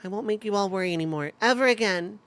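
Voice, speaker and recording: A woman's voice: medium pitch, fast, fairly bright tone, natural voice. A woman voicing a cheerful, earnest young woman returning home in a video game, reading the dialogue aloud.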